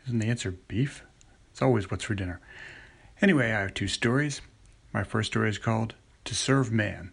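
Man reading his little stories, gravelly kinda raspy voice, steady and plain. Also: fairly low pitch, normal speed. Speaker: story contributor.

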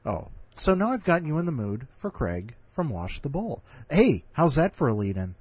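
A man's voice: fairly high pitch, very animated, moderate pace, a little mellow, husky, dry recording, highs cut off. Rambling, jokey male podcast host. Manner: rambling, jokey, self-deprecating asides. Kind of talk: casual comedic podcast banter.

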